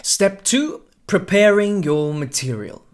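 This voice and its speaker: Speaking clearly and with expression, a man who adjudicates and mentors in drama delivers a scripted lesson on performance preparation, demonstrating pitch, pausing and volume himself. His delivery is expressive, and loud music plays over him.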